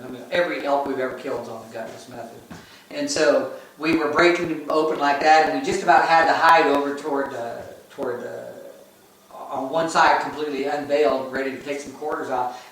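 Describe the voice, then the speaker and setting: A middle-aged man, an elk hunter and show host, telling the story of a hunt in an animated way and acting out his own reactions. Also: a little high. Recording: very echoey, voice from a distance.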